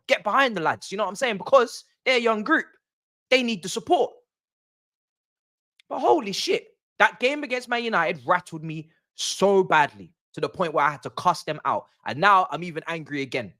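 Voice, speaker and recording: A young man hosting a football watch-along stream, ranting casually and repeating himself as his voice swings from low grumbles to high outbursts. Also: lively intonation, brisk, a bit bright. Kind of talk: casual live-stream rant.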